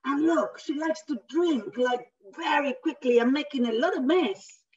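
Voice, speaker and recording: A woman educator, not a native English speaker, reading picture books aloud in a workshop in an animated, expressive way. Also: sits high, moderate pace. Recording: distant, dull lo-fi.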